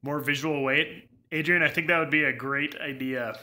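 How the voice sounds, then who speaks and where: A man's voice: fairly high pitch, fairly even intonation, normal speed, sharp tone. A young man giving casual live gameplay commentary, rambling through filler words and laughing often. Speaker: game streamer.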